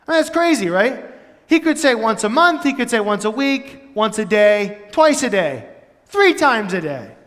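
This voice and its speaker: Man, pastor, high voice, casual storytelling sermon, reverberant church hall. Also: normal speed. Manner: animated, storytelling, lots of "like" and "right?".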